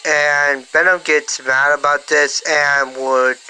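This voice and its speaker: A fan storyteller improvising a story out loud, halting with many fillers and restarts. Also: mid-range voice, level tone, low-quality recording. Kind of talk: improvised fan-fiction narration.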